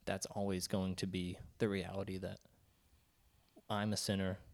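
A man co-hosting a podcast, talking casually about faith and often pausing to search for words. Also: low voice, flat delivery, gravelly. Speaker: podcast co-host.

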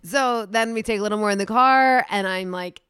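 A woman's voice: medium pitch, brisk, a bit bright, smooth, dry recording, studio quality. A young woman co-hosting a podcast, telling a rambling story full of "like" and "you know" in casual chat. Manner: rambling, filler-heavy storytelling with lots of "like". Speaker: podcast co-host.

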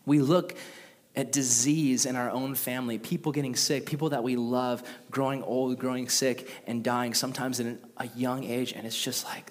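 A man preaching a sermon in a casual, conversational and animated way. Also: mid-range voice, normal speed. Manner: conversational, animated, with acted quotes. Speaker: pastor. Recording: long reverb of a large hall.

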